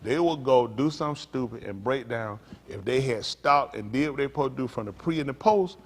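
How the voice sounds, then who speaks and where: A middle-aged male pastor preaching to a congregation, rambling through folksy stories and jumping to loud emphasis. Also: mid-range voice, expressive, a little fast.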